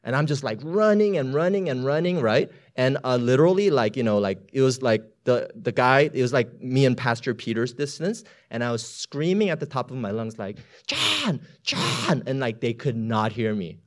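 A man preaching a storytelling sermon, chatty and full of filler words, swinging between hushed asides and loud emphasis. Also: medium pitch, lively intonation, a little fast, hardly any pauses.

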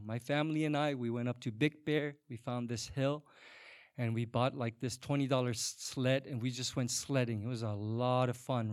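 A man preaching a sermon as pastor, telling a personal story with animated swings between loud and soft and a teasing humor. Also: medium pitch, no room sound, studio quality.

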